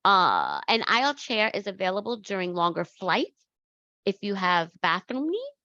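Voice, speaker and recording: A woman's voice: mid-range voice, wildly swooping pitch, normal speed, bright, forceful tone, no echo, lo-fi sound. New woman presenting slides. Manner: conversational, with self-corrections. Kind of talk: slide presentation on accessible travel.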